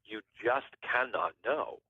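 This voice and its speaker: A man's voice: medium pitch, expressive, slow pace, breathy edge, no echo. A man telling a story as a podcast guest in a casual, rambling way, often restarting his phrases. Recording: tinny phone-line sound.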